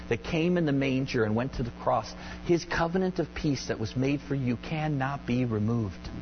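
A man preaching a sermon as pastor, rising to emphatic peaks and dropping to hushed, intimate lines. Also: fairly high pitch, lo-fi sound, slight background noise. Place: church sanctuary.

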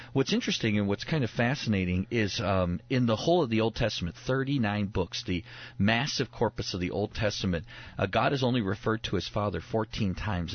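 A low, husky-voiced man teaches a Bible passage in a relaxed back-and-forth, leaning into his points with emphasis. The recording is slightly muffled and lo-fi. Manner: emphatic, acts out quoted speech with rising pitch.

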